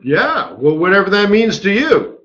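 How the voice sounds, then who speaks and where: High-pitched and very animated, this man speaks at normal speed with a slightly bright tone. As a forex strategist running a live trading webinar, he chats casually and keeps asking "right?", captured in dull, lo-fi sound.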